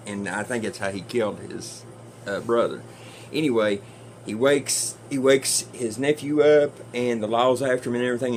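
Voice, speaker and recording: A man's voice: fairly low pitch, darkish tone, slight background noise. A man casually retelling a movie plot in a chatty, rambling way, with some swearing. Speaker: movie reviewer.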